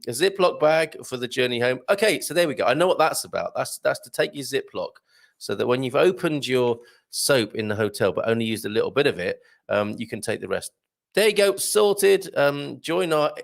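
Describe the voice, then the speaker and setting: Chatty man, lively and gravelly. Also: medium pitch. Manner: light-hearted, chatty, laughs often. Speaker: host. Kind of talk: live-stream chat reading viewer comments.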